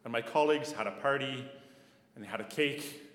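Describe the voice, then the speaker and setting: A man from Canada preaching a sermon, slow and measured, repeating key phrases and dropping to soft asides. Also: mid-range voice. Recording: echoey hall with long reverb.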